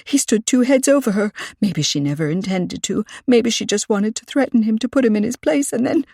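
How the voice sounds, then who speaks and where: A woman's voice: animated, fairly quick, vocal fry, dark tone, dry recording, studio quality. A woman voicing a panicky, breathless assistant librarian. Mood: panicked. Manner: breathless, panicky, high and tremulous. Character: frantic, soft-spoken older woman librarian's assistant. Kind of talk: audiobook character reading.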